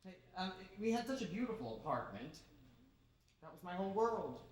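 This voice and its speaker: A woman's voice: on the low side, sing-song, moderate pace, a little mellow. A woman playing a weepy, fussy divorced man. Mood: mopey. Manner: anxious, stammering, sentimental. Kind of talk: community stage play. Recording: very echoey theatre from far off.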